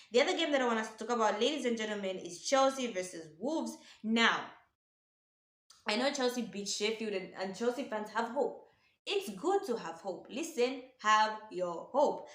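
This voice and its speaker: Opinionated woman football pundit, echoey room. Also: medium pitch. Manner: opinionated, addresses viewers as ladies and gentlemen. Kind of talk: casual football commentary to camera.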